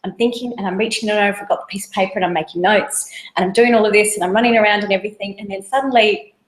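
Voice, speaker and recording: A woman's voice: mid-range voice, fairly even intonation, rapid-fire. A woman in her thirties talks earnestly and conversationally, like a guest teaching a webinar. Her mid-range voice sits in a roomy space with noticeable echo. She explains ideas through plain everyday examples. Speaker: mindfulness course guest. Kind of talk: casual webinar talk.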